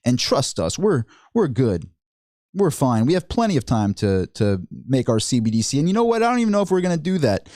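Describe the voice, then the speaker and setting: Smug, self-satisfied banker as a man mocks him, mellow voice, dry close sound. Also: medium pitch, sing-song, a little fast, no room sound, close to an everyday voice. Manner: mocking, self-satisfied parody. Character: smug complacent male central bank chairman.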